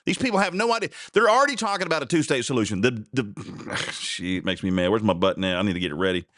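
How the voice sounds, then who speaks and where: A man's voice: fairly low pitch, expressive, quick pace, fairly bright tone, no echo, clean studio sound. A man hosting a podcast, reacting to a clip in rambling, fired-up casual commentary. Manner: rambling, fired-up, full of fillers. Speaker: podcast host.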